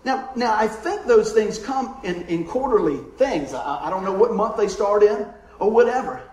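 A man preaching a sermon, telling stories in a lively way and calling out for amens from his congregation. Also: high-pitched, normal speed. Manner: lively storytelling, calls for amens. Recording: roomy echo.

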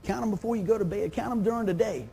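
A man's voice: high voice, fast talker, creaky, mellow, a little hiss or hum. A man in his fifties preaching a folksy sermon, often calling for amens and acting out little stories. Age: 50s. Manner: folksy, calls for amens, acts out anecdotes. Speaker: pastor.

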